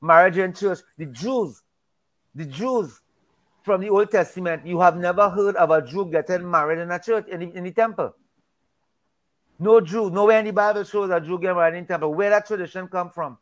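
A man's voice: high voice, fast talker. A man in a casual Bible discussion, talking emphatically and preachily, often repeating and restarting his words.

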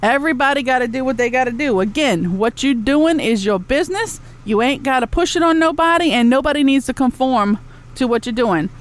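Blunt, high-voiced woman ranting. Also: expressive, a little fast. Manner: blunt, profane, sarcastic ranting; talks back to a chat room. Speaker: podcast host. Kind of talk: ranting solo podcast talk.

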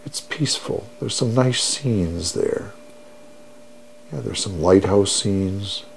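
A male hypnotherapist leads a guided trance in a low voice. He speaks at a very slow, unhurried pace, soothing and calm, repeating each affirmation in turn. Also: gravelly, slight background noise. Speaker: stop-smoking hypnotherapist.

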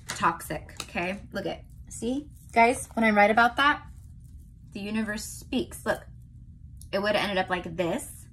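A young woman from California giving a casual tarot reading to her viewers, chatty and often checking in with a quick "okay?". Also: medium pitch, fairly bright tone, a little hiss or hum. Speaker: tarot reader.

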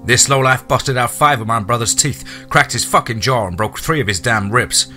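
A man voicing a hostile, hot-headed male police officer who shouts accusations. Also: sits low, lively intonation, moderate pace, soft background music, heavily acted. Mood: furious.

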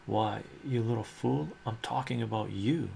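A man voicing an earnest adult man who declares his love to a colleague, read in a soft, unhurried ASMR comic reading. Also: lowish voice, gravelly, slight background noise.

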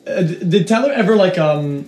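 A man from Canada, a streamer, chatting casually while gaming, excitable and swearing with shouty outbursts. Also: high-pitched, fairly quick, slight background noise. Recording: roomy echo.

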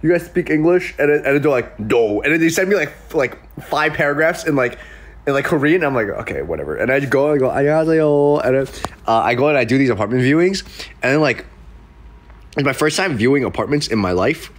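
A young man chatting on a livestream, his voice sitting a little high for a man. He tells his stories in loose bursts, looping back through fillers and false starts, and acts out the people he quotes. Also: fast. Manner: rambling storytelling with many fillers and restarts. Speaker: livestream host. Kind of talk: casual livestream chat.

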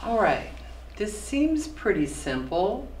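A woman playing a friend who tutors French, slowly drilling syllables and losing patience. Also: medium pitch, big pitch swings, a little mellow. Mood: coaching. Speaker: actor in a student film. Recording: echoey room from far off.

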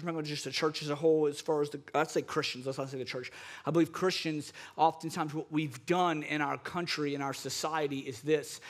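A male pastor preaching a sermon with fervent, repetitive phrasing, at times wound up and excited. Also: fairly high pitch.

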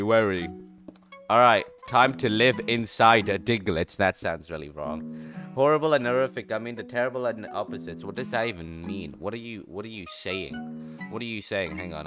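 A man's voice: fairly low pitch, moderate pace, a bit bright, soft background music. A man streamer giving casual, playful commentary while playing a game, often jumping into mock trash talk.

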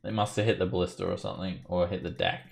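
Deep, gravelly man running a tabletop game. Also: quick pace. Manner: patient, explains rules and narrates actions. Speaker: game master. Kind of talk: narrating a tabletop game over a live stream.

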